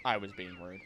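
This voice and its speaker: A man's voice: on the low side, bright, forceful tone, slight background noise. A young man streaming a game live, chatting playfully with his viewers and the creatures on screen. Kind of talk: live gameplay commentary.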